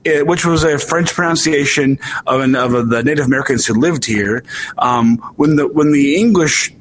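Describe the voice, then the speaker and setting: A man's voice: mid-range voice, moderate pace, a little hiss or hum, low-quality recording. A man from Illinois co-hosting a podcast, telling rambling, joking stories in casual chat. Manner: jokey, rambling storyteller. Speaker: podcast co-host.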